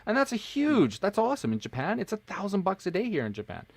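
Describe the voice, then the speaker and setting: A man's voice: sits high, huge pitch swings, quick pace, gravelly, no echo. A man co-hosting a live podcast from home, chatting casually and joking as he thinks aloud. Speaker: podcast co-host. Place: home in Japan, streaming live.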